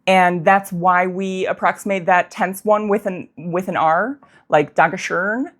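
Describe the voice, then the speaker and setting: A woman giving a pronunciation lesson, demonstrating vowel sounds slowly and carefully. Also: fairly low pitch, fairly even intonation. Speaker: language teacher.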